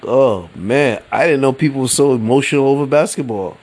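A man hosting a casual solo sports podcast, rambling in a relaxed, slangy way and laughing often. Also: medium pitch, fairly quick, breathy edge. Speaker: podcast host.

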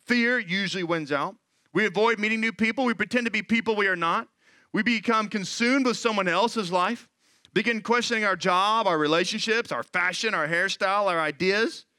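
A man in his thirties preaching a sermon as pastor, animated and acting out quoted voices. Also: high-pitched, moderate pace, no echo.

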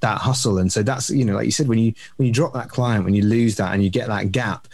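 A man in the middle of the usual pitch range talks as a podcast guest, recorded dry and close. He reflects on business and work and often closes his points with tag questions. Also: steady tone, quick pace, darkish tone, no echo. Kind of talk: casual business podcast chat.

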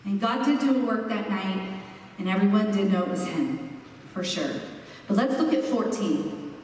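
A woman preaching a sermon, expressive and slowing down for emphasis. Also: medium pitch, slight background noise. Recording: echoey hall, mic far off.

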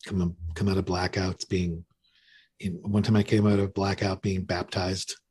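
A man's voice: low-pitched, little pitch movement, moderate pace, crowd noise. A man in his fifties telling his recovery story in a candid, self-mocking way, full of restarts. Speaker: podcast guest. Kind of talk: recovery story told in casual conversation.

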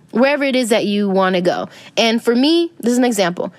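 A woman's voice: a little high, expressive, quick pace, a little mellow, no echo. A young adult woman hosting a podcast, talking casually about self-help and spirituality in a rambling way with many fillers. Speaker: podcast host.

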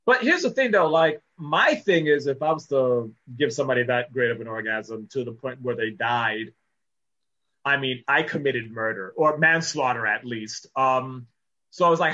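A man's voice: medium pitch, moderate pace, bright, forceful tone. A man in a casual podcast chat, joking crudely and acting out voices in his stories. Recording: dull, lo-fi mic sound.

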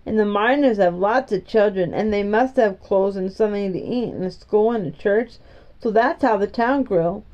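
A woman reading the lines of an eager, stubborn young boy, insistent and excitable, in a storybook reading. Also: medium pitch, normal speed, natural voice. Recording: dull lo-fi recording.

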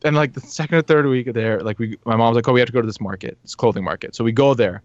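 A young man casually telling a story on a podcast, animated, laughing often and acting out what people said. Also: mid-range voice, quick pace, dry recording, lo-fi sound.

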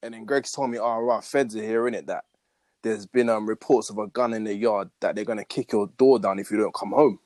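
A man's voice: fairly low pitch, fairly even intonation, a little fast, a little mellow, no echo. A young man in casual chat, recounting a story in a slangy, matter-of-fact way. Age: young adult.

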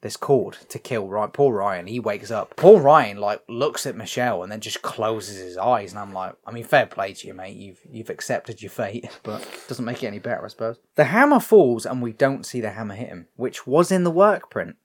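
A man's voice: lowish voice, expressive, normal speed, few pauses. A man with a British accent casually recapping a film as podcast co-host, telling it animatedly and swearing freely. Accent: British English.

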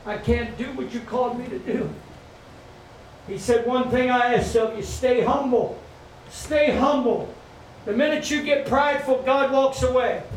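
A middle-aged pastor with a high voice preaches in a repetitive call-and-response style. He is picked up from a distance in an echoey church, with faint ambient noise behind him. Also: fairly even intonation, unhurried. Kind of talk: sermon. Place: church sanctuary.

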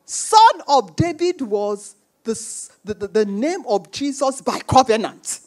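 A woman delivering a sermon in a high, animated voice that swings widely in pitch. She speaks slowly and with emphasis, repeating her phrases. She acts out the voices of the people in her stories. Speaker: preacher.

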